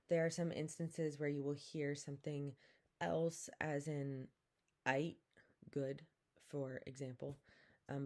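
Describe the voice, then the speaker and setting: A woman teaching a language lesson, saying each vowel slowly and repeating words for the listener to copy. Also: low voice, mellow. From Pacific Northwest, Coast Salish community. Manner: slow and careful, repeats each sound, drawn-out demonstrations. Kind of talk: slow, patient vowel lesson with call-and-repeat.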